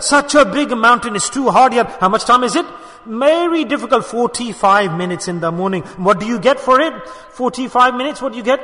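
A man preaches a sermon in a high, bright voice. He scolds and teases his listeners and acts out their replies. His voice rings with the long reverb of a hall. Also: fairly quick. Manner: animated, mimicking, scolding.

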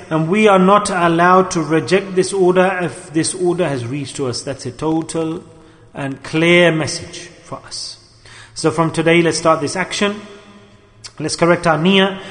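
An older man preaching sternly with a high-pitched voice, driving each point home by repeating it. He is recorded in an echoey hall with a long reverb tail. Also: fairly bright tone. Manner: stern, admonishing, repetitive emphasis. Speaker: Sufi teacher. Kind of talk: sermon.

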